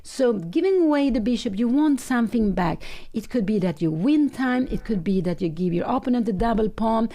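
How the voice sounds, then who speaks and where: Gravelly-voiced woman commentating chess. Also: a little high, expressive, moderate pace, dark tone. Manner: analytical, thinking aloud with frequent self-corrections; non-native English phrasing. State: slightly rough early-morning voice, clearing throat.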